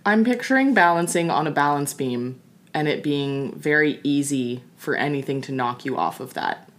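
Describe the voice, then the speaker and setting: A woman with a low voice co-hosts a podcast in a relaxed, chatty way. She is playful and quick to giggle. She sounds like she is in her thirties. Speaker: podcast co-host. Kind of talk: casual chat.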